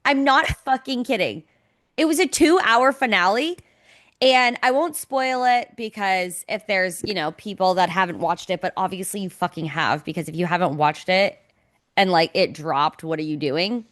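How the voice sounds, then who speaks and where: A woman's voice: medium pitch, normal speed, a bit bright. A young woman co-hosting a casual podcast, talking in an emotional, dramatic way and swearing freely. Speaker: podcast co-host. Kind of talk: casual chat.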